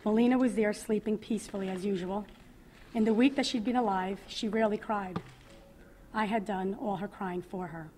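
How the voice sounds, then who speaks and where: A woman in her thirties reads her own testimony aloud as a mother at a public event, speaking earnestly and with feeling, often pausing. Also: mid-range voice, steady tone, darkish tone, slight background noise. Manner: emotional, earnest, with pauses. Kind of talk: reading a personal testimony aloud.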